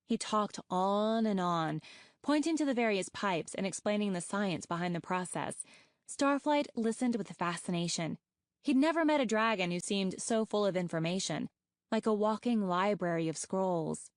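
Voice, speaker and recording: A woman reads a fantasy audiobook in a steady storytelling style, delivering scripted narration. Her voice is mid-range at a moderate pace, captured in a dry, studio-quality recording.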